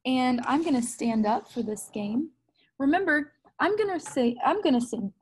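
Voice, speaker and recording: A woman, a kindergarten music teacher, gently and patiently talking small children through a recorded music lesson in simple words. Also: on the high side, lively intonation, moderate pace, husky, low-quality recording.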